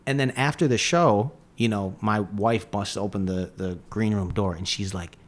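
A man's voice: on the low side, normal speed. A man, a touring stand-up comedian, telling stories in casual podcast chat and acting out the quotes. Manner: animated storyteller, acts out quotes.

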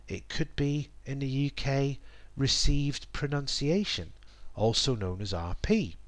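Male teacher, mid-pitched, measured explanatory delivery, dry close mic. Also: fairly bright tone, no echo. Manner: measured, explanatory, lots of ums and restatements. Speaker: English teacher. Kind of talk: explanatory talk on accents.

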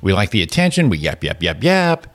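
Gruff stammering man ranting. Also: deep voice, big pitch swings, a little fast, fairly bright tone. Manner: grumpy, profane ranting with stammered restarts. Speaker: co-host. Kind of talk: casual chat. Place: radio studio.

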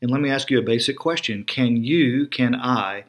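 A middle-aged man, a pastor giving sermon-style podcast teaching with an emphatic preaching cadence, slowing down on stressed words. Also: medium pitch.

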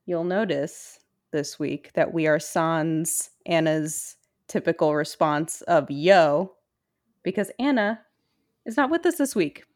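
A woman from Brooklyn with a Brooklyn accent, hosting a casual podcast chat, chatty and quick to laugh. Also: low voice, darkish tone. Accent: Brooklyn New York. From Brooklyn, New York. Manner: chatty, laughing, frequent restarts. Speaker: podcast host.

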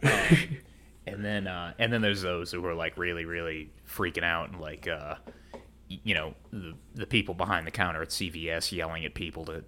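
Deep-voiced man telling a story. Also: fairly even intonation, moderate pace, sharp tone. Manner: rambling storyteller, frequent ums and laughs. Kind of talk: casual chat.

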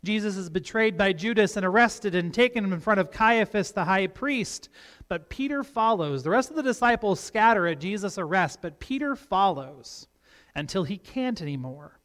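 A man in his thirties, a pastor preaching a sermon, reading scripture and telling a family story with animated shifts in voice. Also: moderate pace. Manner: animated storytelling, raising pitch for quoted voices. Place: church sanctuary. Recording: long reverb of a church hall.

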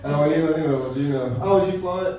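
A man's voice: on the high side, racing, crowd noise. A young man co-hosting a podcast before a live audience, trading dry, teasing banter. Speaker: podcast co-host. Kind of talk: live comedic podcast chat. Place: performance space with live audience. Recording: echoey venue from a distant mic, noisy.

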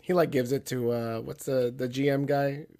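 A man co-hosting a casual chat show over a video call, excitable and quick to laugh, swearing freely. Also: medium pitch. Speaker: podcast co-host.

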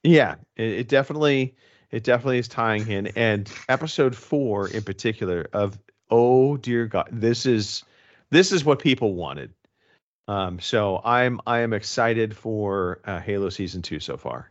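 A man's voice: on the low side, expressive, normal speed, highs cut off. A man co-hosting a casual podcast chat, rambling with many restarts and the odd swear word. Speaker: podcast co-host.

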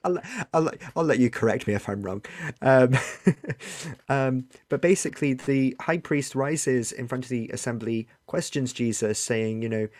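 Man, mid-pitched voice, earnest, conversational, thinks aloud while explaining. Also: measured pace. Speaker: guest discussing scripture.

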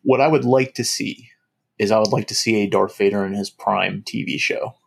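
A man's voice: on the low side, fairly even intonation, normal speed, creaky, husky. A man chatting casually as co-host, agreeable and laughing along. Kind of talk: casual chat.

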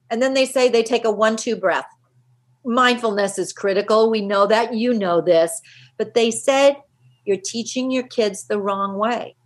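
A middle-aged woman, a parenting author, giving energetic interview answers and acting out little quotes in lively voices. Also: a little high, normal speed.

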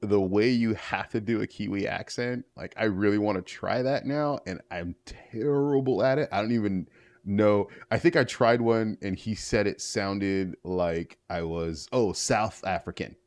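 A man's voice: on the low side, a little slow, a little mellow, dry recording. A man, father of a daughter, co-hosting a gaming podcast and telling rambling stories with many restarts. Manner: rambling storyteller, restarts often. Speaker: podcast co-host. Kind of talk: casual gaming podcast chat.

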